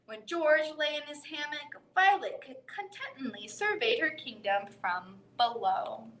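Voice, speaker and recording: A woman reading a bedtime picture book aloud to children in a library storytime, expressive and playful with animal sounds. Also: high voice, a little slow, roomy sound, a little hiss or hum, rough recording. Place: library room.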